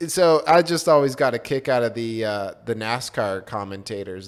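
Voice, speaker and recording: A man's voice: medium pitch, big pitch swings, normal speed, few pauses, fairly bright tone. A man hosting a casual chat, rambling and self-deprecating as he talks. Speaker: podcast host.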